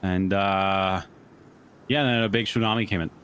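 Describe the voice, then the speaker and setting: A man's voice: deep voice, fairly even intonation, normal speed, fairly bright tone, a little hiss or hum. A man in a roleplay game, recounting events in a rambling way full of fillers. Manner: rambling, lots of likes and uhs. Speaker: roleplay player.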